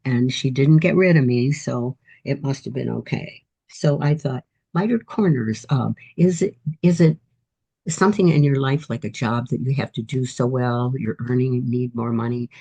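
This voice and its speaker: Octogenarian woman author, husky and mellow voice, telling reflective, encouraging stories in a casual interview. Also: extremely low pitch, moderate pace. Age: 80s. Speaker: author guest.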